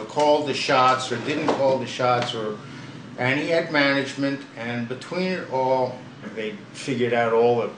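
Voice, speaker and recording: A man's voice: medium pitch, noisy background. A man, a former band member, telling rambling, profane stories in a casual interview. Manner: rambling, profane, laughs through anecdotes.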